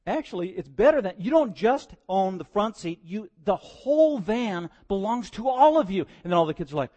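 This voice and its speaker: A man's voice: sits high, sing-song, moderate pace, hardly any pauses, mellow, in a large hall. A male pastor preaching a sermon in a conversational style that rises to emphatic exhortation.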